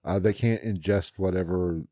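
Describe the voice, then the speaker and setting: A man's voice: low-pitched, moderate pace, mellow, no echo, clean studio sound. A man hosting a casual podcast, explaining things step by step and laughing along. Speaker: podcast host.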